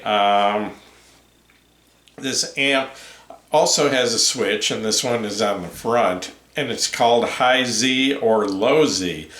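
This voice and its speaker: A man hosting his own headphone review channel, talking through a new amp in an unhurried, hesitant way with many ums and uhs. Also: fairly low pitch, a bit bright, echoey room. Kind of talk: casual product review talk.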